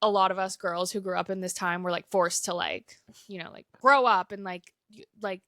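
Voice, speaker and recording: A woman's voice: medium pitch, steady tone, normal speed, a bit bright, no room sound. Young woman, podcast co-host, easygoing casual chat, dry close sound. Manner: easygoing, filler-heavy with "like". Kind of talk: casual chat, reading a review aloud.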